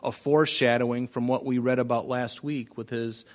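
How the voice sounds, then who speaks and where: Pastor dude walking through scripture, chatty, cracks little jokes, restarts a lot. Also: male voice, medium pitch, fairly even intonation, moderate pace. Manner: casual, joking asides, frequent restarts. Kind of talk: conversational Bible teaching.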